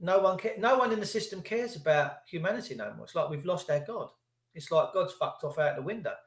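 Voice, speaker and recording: Sweary ranting man, high voice. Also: animated, fairly quick. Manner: profane, sarcastic, rambling. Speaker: livestream host. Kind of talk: ranting live monologue. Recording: echoey room.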